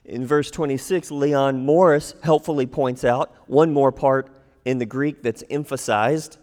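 Man, pastor, sermon, unhurried delivery, echoing sanctuary. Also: medium pitch. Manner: animated, acts out quoted lines in a raised voice. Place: church sanctuary. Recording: long hall reverb.

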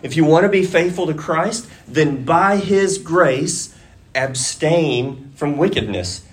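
Slow, deliberate male preacher. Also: on the high side. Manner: slow, deliberate preaching that rises to emphatic urging. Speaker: pastor. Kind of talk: sermon.

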